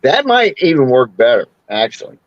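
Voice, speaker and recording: A man's voice: mid-range voice, very animated, moderate pace, no room sound, highs cut off. A man in his sixties, hosting a casual chat and telling rambling stories with frequent laughs. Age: 60s. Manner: rambling storyteller, laughs often. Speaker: podcast host.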